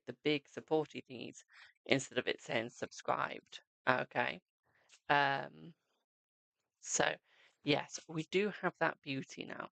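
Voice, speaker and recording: A man's voice: fairly high pitch, creaky, pushed and bright, no room sound. A man streaming live, reading tarot cards and chatting with viewers, calling them "my darling". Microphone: desk microphone.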